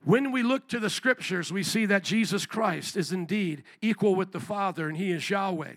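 A male pastor preaches with fervor, drawing answers from his congregation and pushing his voice to shouts. His voice sits very high and sounds bright and forceful. The recording is dry and close. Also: normal speed, dry recording. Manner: fervent call-and-response preaching, rising to shouts. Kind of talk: sermon.

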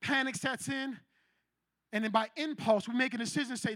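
A man preaching with a strikingly high, bright and forceful voice, recorded close and dry. He talks in an animated, slangy way and acts out people's panicked reactions. It is a lively youth sermon rather than a formal one. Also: fairly quick, no room sound.

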